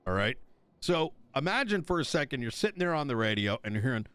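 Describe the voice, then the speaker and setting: A man's voice: medium pitch, big pitch swings, quick pace, fairly bright tone, smooth, dry recording. A man playing a police chief in a streamed roleplay, lecturing his officers in a blunt, profane way. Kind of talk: streamed roleplay meeting speech.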